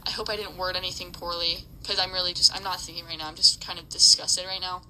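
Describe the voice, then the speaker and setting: A woman's voice: fairly low pitch, level tone, fast talker, pushed and bright, slight background noise, rough recording. A woman giving an angry, emotional rant to camera, swearing often as she talks.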